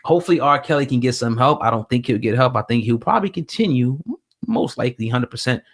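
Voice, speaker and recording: A man hosting an online news chat, speaking in a measured way with many fillers. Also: medium pitch, expressive. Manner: hesitant, lots of fillers, measured. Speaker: host. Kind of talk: casual news commentary.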